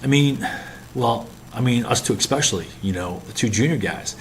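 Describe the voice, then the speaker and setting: Guy doing a bitter young navy officer, snappy and fake-friendly, low-key read. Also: lively intonation, normal speed, slight background noise, lightly acted. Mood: falsely friendly. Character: bitter scheming young male naval officer.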